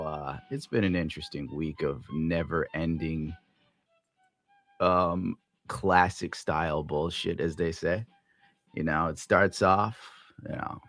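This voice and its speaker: A man's voice: deep voice, vocal fry, fairly bright tone. A tired man live streaming, telling a rambling, profane story in a grumbling way. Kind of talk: rambling livestream rant.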